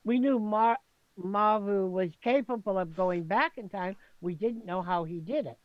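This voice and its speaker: A woman's voice: mid-range voice, a little slow, no room sound. Woman player on a dull, dry mic. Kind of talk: casual tabletop game chat.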